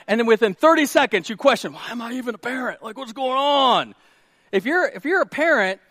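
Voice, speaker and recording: A man, preaching a sermon with animated storytelling and questions to the congregation. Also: fairly high pitch, no echo, studio quality. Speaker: pastor.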